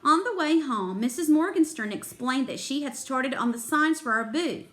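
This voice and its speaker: A woman's voice: high voice, expressive, moderate pace, fairly bright tone. A woman reading a children's chapter book aloud, expressively voicing the characters. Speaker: reader.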